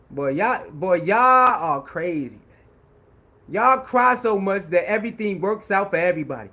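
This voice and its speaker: A man giving an animated sports rant, loud and laughing, with heavy slang and repetition. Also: sits high. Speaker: sports commentator.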